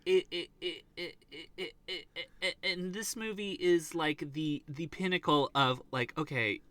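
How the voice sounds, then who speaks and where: Bright, smooth-voiced male podcast host. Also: fairly high pitch, measured pace, no echo. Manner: animated, joking, stumbling restarts. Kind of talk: casual chat.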